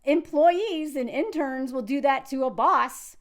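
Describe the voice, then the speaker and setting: A woman from Nashville, giving casual, animated commentary to camera, laughing often and restarting her sentences. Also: sits high, unhurried. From Nashville, Tennessee, US. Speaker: video commentator.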